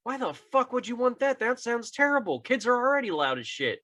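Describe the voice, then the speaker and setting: A man's voice: very high-pitched, big pitch swings, a little fast, pushed and bright. A man co-hosting a podcast, chatting casually with dry, joking, profane asides. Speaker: podcast co-host. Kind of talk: casual chat.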